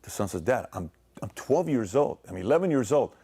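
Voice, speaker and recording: A man giving a motivational speech, telling a story and acting out its dialogue, swinging from loud to soft. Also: mid-range voice, big pitch swings, a little fast, husky. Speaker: speaker in a played clip.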